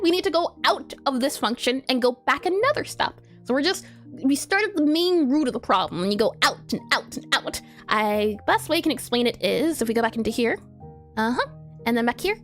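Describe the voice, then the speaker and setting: A woman's voice: high voice, fairly bright tone. A woman game developer on a casual live coding stream, giggling often and explaining her steps as she thinks aloud.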